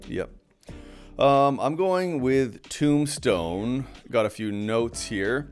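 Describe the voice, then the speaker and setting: A man's voice: medium pitch, expressive, drawn-out words, clear, resonant tone, soft background music. A young man co-hosting a casual film chat, rambling with many fillers and restarts. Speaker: podcast co-host.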